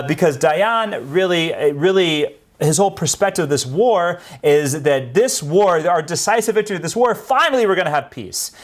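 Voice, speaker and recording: A man giving an unscripted history talk, telling events as an earnest story and pressing hard on the points he cares about. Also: fairly high pitch. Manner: earnest storytelling, grows emphatic on key points. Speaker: history presenter.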